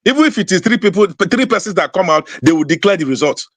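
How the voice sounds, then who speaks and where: A man's voice: high voice, animated. A man who is a politician, arguing insistently in a heated debate. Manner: insistent, quick, repeats himself.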